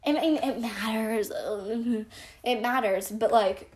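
A teenage girl with a slightly high voice tells a real-life story in a relaxed vlog style. She is chatty and frank and pokes fun at herself. Her sentences are full of "like". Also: slow. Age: teens. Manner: chatty, frank and self-deprecating, heavy use of "like".

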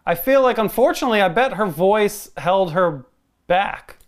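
A podcast co-host chats about a film, hesitating and second-guessing at times. The co-host also makes playful, insistent claims. The voice sits in a mid-range pitch. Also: expressive, normal speed, clear, resonant tone. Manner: hesitant, self-questioning, then playfully insistent. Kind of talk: casual movie-discussion chat.

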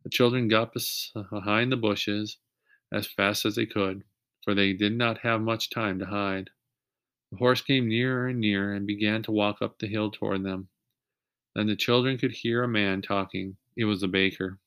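A man reading a children's chapter book aloud in a steady voice, pausing now and then to ask young listeners questions. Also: fairly low pitch, smooth, no room sound, studio quality. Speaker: reader.

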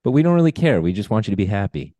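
Male podcast co-host, low-ish voice, dry close sound, upbeat explainer. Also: sing-song, very fast, warm tone, no echo. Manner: upbeat, explains definitions at length. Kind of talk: casual conversational podcast.

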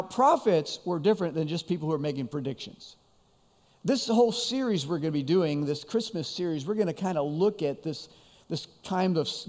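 A man's voice: on the high side, darkish tone, big-room sound. A man preaching a sermon as pastor, in a conversational way with frequent repeated words and restarts.

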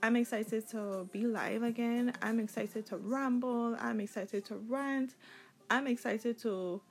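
A young woman with a Caribbean accent talks on her own podcast, rambling freely and candidly. Her voice sits a little high with a gravelly, fry-edged texture. Faint music plays behind her. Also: steady tone, measured pace, rough recording. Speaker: podcast host. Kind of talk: casual solo podcast monologue.

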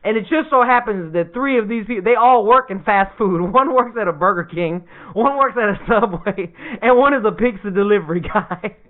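A man casually telling comedic family stories, animated, laughing often and swearing a lot. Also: sits high, a little fast, hardly any pauses. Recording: tinny phone-like sound.

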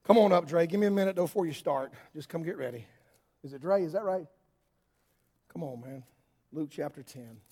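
A man preaching a sermon in a church hall, swinging between yelling and quiet asides. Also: fairly high pitch, brisk, pauses often. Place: church hall with worship band.

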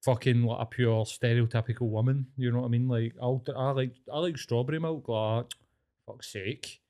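A man's voice: mid-range voice, steady tone, normal speed, warm tone. A Scottish man co-hosting a podcast, chatting casually, blunt and full of swearing, working himself up into rants. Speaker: podcast co-host.

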